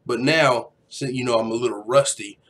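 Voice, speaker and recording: A man's voice: mid-range voice, steady tone, normal speed, fairly bright tone, slight background noise. A young man hosting a casual MMA livestream, rambling and profane, reading out chat comments. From grew up in a Mexican neighborhood. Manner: rambling, profane, slangy, with mock voices.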